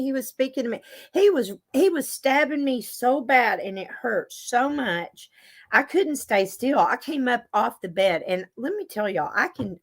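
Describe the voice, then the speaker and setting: A woman show host with a somewhat high, slightly bright voice chats casually with her live audience. She tells a story in a chatty way and reads viewer comments aloud.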